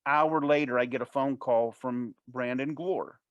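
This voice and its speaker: A man as an interview guest, telling a personal story in a casual, animated way, with frequent restarts and false starts. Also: medium pitch, dry recording, highs cut off. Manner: animated, fast-paced anecdote telling.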